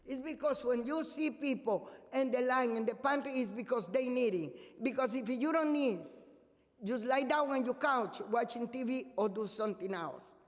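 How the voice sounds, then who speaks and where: A man whose first language is Spanish, giving earnest, halting testimony at a public hearing and pleading with the committee. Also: extremely high pitch. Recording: echoey council hearing room.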